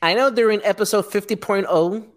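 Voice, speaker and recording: A woman's voice: medium pitch, brisk. A woman co-hosting a casual podcast, ranting bluntly and swearing freely. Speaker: podcast co-host. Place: Florida.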